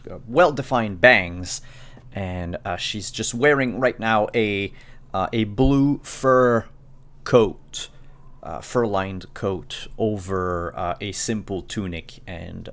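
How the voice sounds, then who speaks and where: Slow-talking male game master. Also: low voice, a bit bright. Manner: hesitant, full of ums and restarts. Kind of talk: narrating a tabletop game. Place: home streaming setup.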